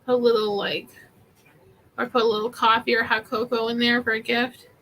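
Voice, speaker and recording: A woman's voice: fairly high pitch, flat delivery, fairly quick, fairly bright tone, low-quality recording. A woman chatting casually through a live thrift haul, rambling with many fillers. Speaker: vintage seller vlogger.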